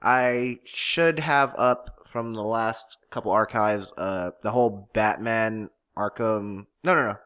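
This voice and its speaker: A man's voice: on the low side, slow, hardly any pauses, a bit bright, clear, resonant tone. A man hosting a casual podcast, wrapping up loosely and jokingly while plugging his channels. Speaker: podcast host.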